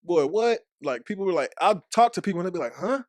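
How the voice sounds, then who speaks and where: A man's voice: sits high, expressive, quick pace, no echo, studio quality. A young man from Dallas with a Texas accent, a former football player telling loose, profane stories as a guest on a podcast. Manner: loose, profane storytelling full of "like" and acted-out quotes. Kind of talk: casual chat.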